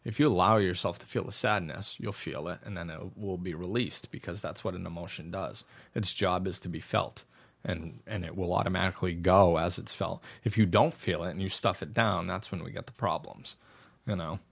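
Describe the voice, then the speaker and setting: A man with a deep, creaky, husky voice speaks briskly while hosting a casual, reflective chat. He tells stories in a rambling way, with frequent restarts and false starts.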